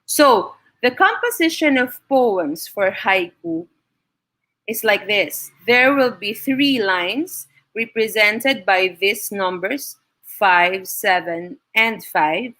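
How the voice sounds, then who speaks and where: Over a video call, a woman from the Philippines teaches an online class and praises her students encouragingly. Her voice is medium-pitched, fairly bright and lively in intonation, and she speaks slowly. She often ends her points with the tag question "no?".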